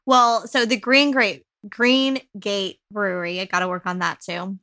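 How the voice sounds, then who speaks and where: A woman co-hosting a podcast who tells her story in loose, chatty casual talk. Her voice is bright and forward, with a giggly ease and plenty of fillers. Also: mid-range voice, steady tone, a little slow. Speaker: podcast co-host. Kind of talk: casual chat.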